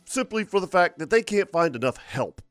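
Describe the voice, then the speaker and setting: Man hosting radio, chatty, stumbling restarts, somewhat high voice, dry studio sound. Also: very animated, moderate pace, a bit bright, clean tone, dry recording, soft background music. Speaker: radio show host. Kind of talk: casual radio chat.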